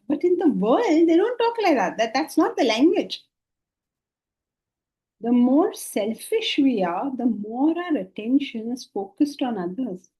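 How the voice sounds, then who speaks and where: A middle-aged woman teaching spiritual philosophy to a class, lively and often questioning her listeners. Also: on the high side, breathy edge, low-quality recording. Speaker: Vedanta teacher. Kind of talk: spiritual lecture.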